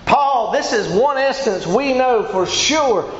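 A man's voice: extremely high pitch, lively intonation, takes it slowly, fairly bright tone. A man preaching a sermon to a congregation, folksy and emphatic, often asking them questions. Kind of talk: sermon with call-and-response. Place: church hall. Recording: echoey hall, dull lo-fi sound.

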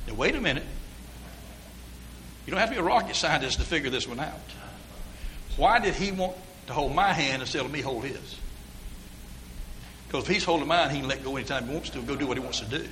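A man's voice: medium pitch, animated, brisk, pauses often, pushed and bright, slight background noise. Folksy older preacher man. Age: 60s. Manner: rambling folksy anecdotes, down-home grammar. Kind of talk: folksy storytelling sermon.

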